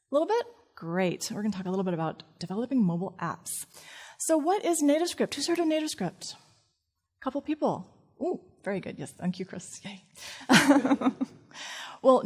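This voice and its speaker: A woman's voice: mid-range voice, darkish tone. A woman from St. Louis giving a chatty conference talk to a live audience, laughing often and tossing in self-deprecating asides. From St. Louis, USA. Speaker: conference speaker.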